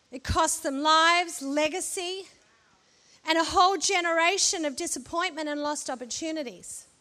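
A woman delivering a sermon, talking to the congregation with humorous asides and rhetorical questions. Her voice is high and bright. She takes her time and lets each line land. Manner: conversational preaching with humorous asides. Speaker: preacher.

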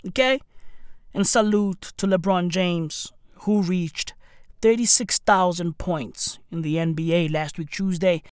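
A woman hosting a casual news commentary, talking in an animated, slangy and profane way full of rhetorical questions. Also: fairly low pitch, measured pace, clear, resonant tone, no echo, clean studio sound. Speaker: commentary host.

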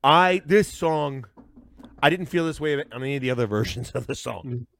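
Excited man on a headset call. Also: fairly high pitch, normal speed, vocal fry. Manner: excited, rambling, many restarts. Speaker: podcast co-host. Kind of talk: casual reaction chat. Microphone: headset on a remote call.

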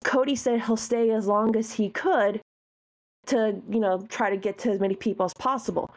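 A woman co-hosting a podcast in casual chat, an animated and heartfelt storyteller. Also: a little high, normal speed. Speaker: podcast co-host.

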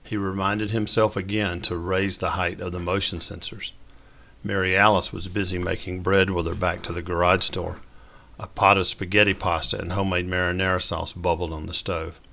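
Man narrator, deep and forceful, steady descriptive audiobook reading. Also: moderate pace, creaky. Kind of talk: scripted story narration.

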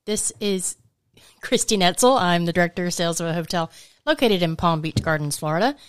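A woman's voice: lowish voice, lively intonation, a little fast, smooth, dry recording. A woman co-hosting a weekend radio show, chatting in a friendly way with a few fillers. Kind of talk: casual radio chat. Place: small home studio.

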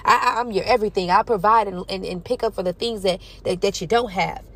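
A woman's voice: mid-range voice, fast talker, a bit bright. A woman quoting a soothing, oblivious husband. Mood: coaxing. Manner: coaxing, reassuring.

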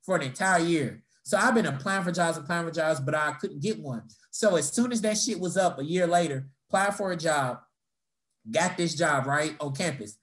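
Speaking at a moderate pace, this young man has a voice that sits a bit high. He's the storyteller in a casual conversation, animatedly recounting personal experiences, cursing freely and imitating whoever he's quoting.

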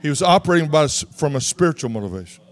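A man from Texas, preaching a sermon in an animated way that rises to shouts. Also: on the high side, fast. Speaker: pastor.

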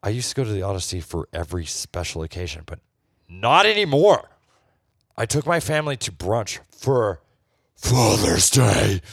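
A man co-hosting a casual podcast with a lively, swooping voice. He jokes and swears freely as he reads aloud. The sound is close and dry. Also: on the low side, gravelly, no room sound. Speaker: podcast co-host. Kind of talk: casual chat, reading reviews aloud.

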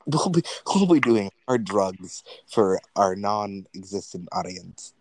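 Deep-voiced young man joking around. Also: lively intonation, slow, a little mellow, dry recording, poor audio. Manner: joking, laughs easily, says "bro" a lot. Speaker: podcast co-host. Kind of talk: casual chat.

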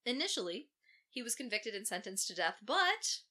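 Female podcast co-host, casual true-crime storyteller, profane and sarcastic, bright forceful voice. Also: fairly high pitch, big pitch swings, moderate pace. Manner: profane, sarcastic asides while recounting facts.

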